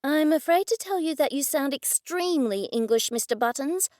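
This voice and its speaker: A woman's voice: high voice, expressive, normal speed, a little mellow, dry recording, clean studio sound, voice pushed up. Narrator as a practical woman sleuth. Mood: matter-of-fact. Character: practical woman amateur sleuth, first-person heroine.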